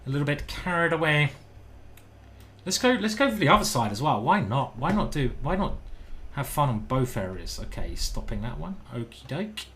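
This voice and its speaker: A man's voice: mid-range voice, very animated, normal speed, hardly any pauses, fairly bright tone. Guy streaming chess, talks to chat a lot, bit of faint room hum. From United Kingdom. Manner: chatty, talks to chat, thinks aloud. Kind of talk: live-stream chess commentary.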